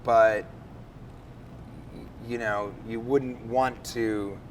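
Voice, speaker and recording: Brief: man in his thirties, actor guest, loose rambling jokey delivery, mid pitch, faint noise behind. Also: fairly even intonation, drawn-out words. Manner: rambling, jokey, acts out other people's lines. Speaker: interview guest, comedic actor. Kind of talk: casual interview chat.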